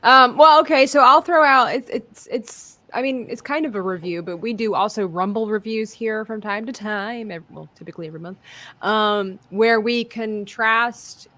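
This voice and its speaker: A woman's voice: fairly high pitch, pushed and bright, no echo. A woman co-hosting a casual livestream, chatting, reading out viewer comments and laughing between remarks. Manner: chatty, reads out chat comments, quick asides and laughs. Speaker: co-host of a livestream.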